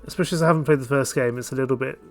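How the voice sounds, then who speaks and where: A man chats through his playthrough of a strategy game, relaxed and a little self-mocking. His voice sits at an ordinary middle pitch, and quiet game music plays behind him. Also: rapid-fire. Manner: casual, self-mocking and chatty. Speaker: gamer. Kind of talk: casual let's play commentary.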